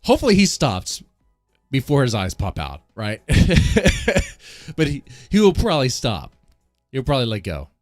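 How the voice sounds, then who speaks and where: A man's voice: mid-range voice, wildly swooping pitch, unhurried, no echo, clean studio sound, faint music behind. A man hosting a casual live stream, ranting bluntly and laughing often as he comments. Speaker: streamer host.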